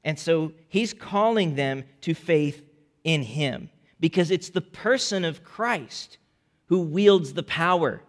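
A male pastor preaches in a slow, deliberate, earnest way, his voice sitting a little higher than most men's. His words ring out with a long reverb from a church sanctuary. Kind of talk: sermon.

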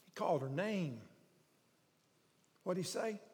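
A high-voiced male preacher delivers a sermon, dropping to hushed storytelling and rising to loud, emphatic preaching. His voice rings out in a large hall with a long reverb. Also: animated, slow.

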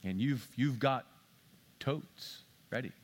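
A male pastor with a mid-range voice delivers a sermon slowly and conversationally. He asks the congregation rhetorical questions and slips in dry, sarcastic asides.

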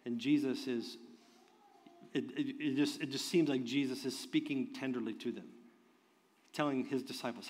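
A man preaching a sermon as pastor, moving from soft, tender talk to loud, fervent preaching, with chuckles along the way. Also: mid-range voice, normal speed. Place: church sanctuary. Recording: long reverb of a large hall.

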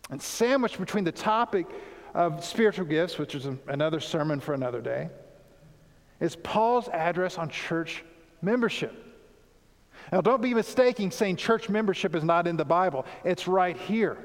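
A pastor preaching a sermon in earnest, emphatic tones, repeating key points for weight. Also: male voice, high-pitched, lively intonation, moderate pace, in a large hall.

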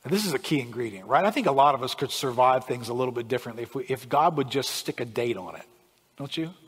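A male pastor preaching a sermon, swinging from hushed lines to shouts. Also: medium pitch, animated, fast talker, slightly rough. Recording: long hall reverb.

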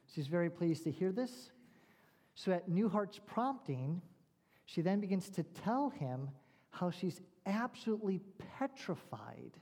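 Male pastor, sermon delivery, deliberate pauses, rhetorical questions, long hall reverb. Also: fairly high pitch, dark tone.

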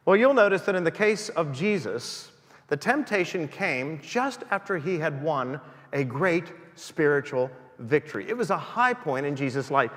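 A man delivers a sermon in a church, his fairly high voice swelling and dropping for emphasis. The sound rings with a long church reverb, as if caught from some distance. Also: very animated, moderate pace, a bit bright. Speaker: preacher.

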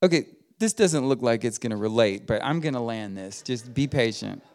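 A man's voice: mid-range voice, expressive, normal speed, darkish tone. A middle-aged man, preaching a sermon in a folksy storytelling way. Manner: folksy storytelling with laughs and quoted voices. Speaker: pastor.

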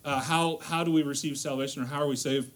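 A man's voice: fairly high pitch, steady tone, fast talker. A man from the northern US giving a casual sermon as a guest lay preacher in a church, chatty and self-deprecating, with lots of fillers and restarts. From northern United States. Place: church sanctuary.

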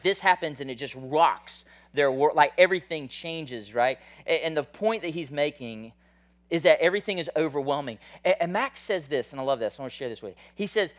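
A man preaching a sermon in a conversational style, swinging from loud, high bursts to soft, low asides. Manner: animated, rises high and loud then drops soft; conversational, frequent "like" and "right?". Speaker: pastor.

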